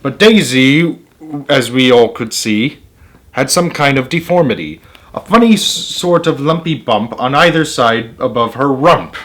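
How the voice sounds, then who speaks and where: Expressive man reading rhymes aloud. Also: medium pitch, unhurried. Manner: lively, expressive rhyming delivery. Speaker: storyteller. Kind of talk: reading a children's poem aloud.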